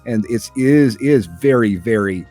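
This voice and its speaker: A man as a podcast guest, speaking in halting casual talk full of fillers and restarts. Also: fairly low pitch, expressive, dark tone, soft background music.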